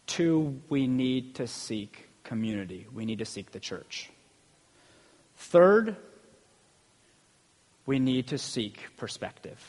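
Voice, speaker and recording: A man's voice: medium pitch, in a large hall. A man preaching a sermon in a loose, conversational way, often checking in with "okay?" and building energy as he tells stories. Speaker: preacher and school PE teacher.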